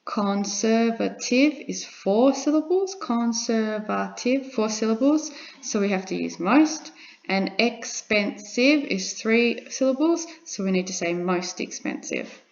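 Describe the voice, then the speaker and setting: A woman's voice: on the high side, lively intonation, measured pace. A woman teaching an English grammar lesson, patiently repeating examples and checking in with her students. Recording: dull lo-fi recording.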